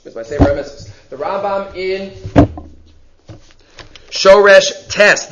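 A man's voice: high-pitched, a bit bright. A man giving a lesson on Jewish law, reading Hebrew passages aloud and explaining them in English with emphasis. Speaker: Torah teacher. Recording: dull lo-fi recording.

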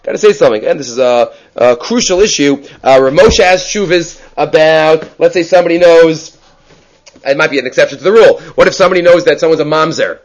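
A man teaching a Talmud class, reading Hebrew and Aramaic passages aloud and explaining them in English with animated storytelling. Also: fairly high pitch, fairly quick, highs cut off. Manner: animated storyteller, many restarts.

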